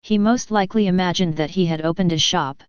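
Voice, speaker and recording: A woman narrating an audiobook with a measured, even delivery. Her voice is low-pitched and very clear. The recording is close and dry, with a slightly dull, muffled top end. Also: dry recording. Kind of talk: scripted narration.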